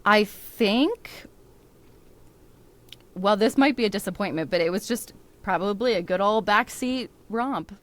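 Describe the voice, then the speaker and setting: Young woman from the South, neutral American accent, chatty podcast guest, quick laughs, average pitch. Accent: General American. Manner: chatty, laughs often, fillers. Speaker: audiobook narrator guest. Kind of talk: casual chat.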